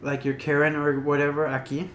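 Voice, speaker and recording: A woman's voice: low-pitched, flat delivery, a little fast, fairly bright tone, roomy sound, slight background noise. A woman, hosting a casual chat and teasing playfully in Spanish and English.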